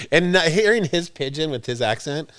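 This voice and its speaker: A man's voice: on the high side, normal speed. Chatty man hosting a podcast. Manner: animated storyteller, acts out quotes, laughs often. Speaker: podcast host. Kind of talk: casual chat.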